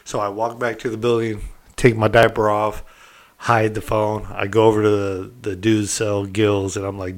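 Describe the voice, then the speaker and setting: Low-voiced middle-aged man telling a wild story. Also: moderate pace. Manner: candid and animated, peppered with "right?" and mild cursing. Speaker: storyteller recounting prison life. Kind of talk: casual anecdotal storytelling.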